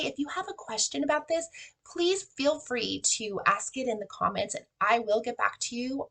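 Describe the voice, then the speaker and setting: A woman in her forties, a kindergarten teacher, giving parents practical reading tips in an animated, modeling way. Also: mid-range voice, gravelly. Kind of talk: instructional talk to parents.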